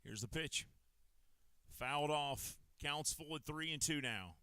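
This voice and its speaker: Crisp, bright-voiced male baseball announcer. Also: dry recording. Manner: steady, measured pitch-by-pitch calling. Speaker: play-by-play announcer. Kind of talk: live baseball commentary.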